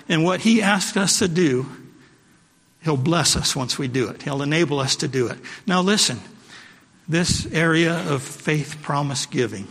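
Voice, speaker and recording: A man's voice: on the high side, creaky, a bit bright. A male pastor preaching a sermon, repeating his points and calling out to the congregation. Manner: preachy, repeats phrases for emphasis, calls to the congregation. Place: church sanctuary. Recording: long hall reverb.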